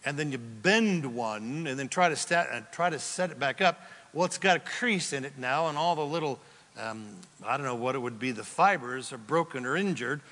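A man preaching a sermon as a pastor, telling the story in a lively, joking way and acting out the quotes. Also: medium pitch, normal speed. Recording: long hall reverb from a large room.

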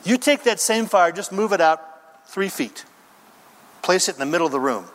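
A male pastor preaches with a high, lively voice that swings widely in pitch. His delivery is emphatic and theatrical, with pauses and rhythmic lists. The sound carries a long reverb from a church sanctuary. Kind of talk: sermon.

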